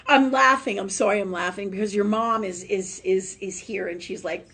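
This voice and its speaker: A woman hosting a live psychic reading, chatty and emotional, laughing often and filling pauses with "um". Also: mid-range voice, fairly even intonation, slightly rough. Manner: warm, chatty, laughs often, many fillers. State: tearful at times. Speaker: psychic medium host.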